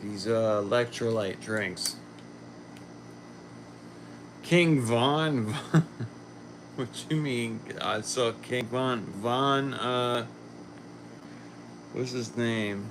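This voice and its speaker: A man hosts a casual livestream, reading viewer comments in a slow, rambling drawl and letting his sentences trail off. He sounds a little under the weather, and the pitch of his voice sits in the middle of the range. A faint air-conditioning hum runs underneath. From Philadelphia. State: a little sick. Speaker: livestream host.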